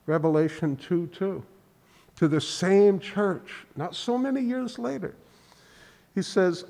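Slow, earnest male preacher in a hall. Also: sits high, creaky, dark tone. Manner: earnest, halting, with many restarts and repeated words. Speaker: pastor. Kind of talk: sermon. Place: church sanctuary.

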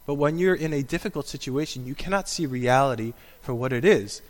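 A man in his thirties preaching a sermon as pastor, animated, acting out quoted voices with bursts of laughter. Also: medium pitch, a little fast. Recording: echoey hall sound.

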